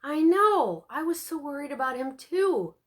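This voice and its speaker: A woman doing an overeager teenage girl in a storybook reading. The voice jumps up high and loud, bursting with excitement. Lively pitch swings and a bright, sharp tone. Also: a little fast. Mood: eager, excited.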